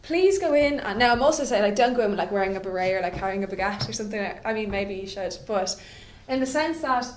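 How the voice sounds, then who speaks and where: A woman's voice: mid-range voice, lively intonation, fast, few pauses, a little hiss or hum. A woman, giving a chatty classroom lecture as a French teacher and checking in with "okay?" often. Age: 20s. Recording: echoey room, voice from a distance.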